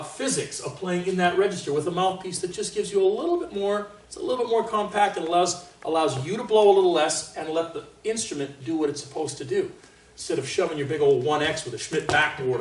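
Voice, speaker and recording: A man from Canada leading a trumpet master class in a casual, joking way, with boastful asides and sudden loud exclamations. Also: a little high. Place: large room with an audience. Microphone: distant microphone. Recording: roomy, distant sound.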